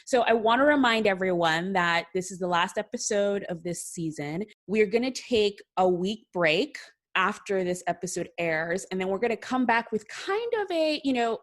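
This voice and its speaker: A woman co-hosting a podcast in casual chat, playful and talkative, recorded in her apartment. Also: medium pitch. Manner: chatty and playful. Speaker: podcast co-host.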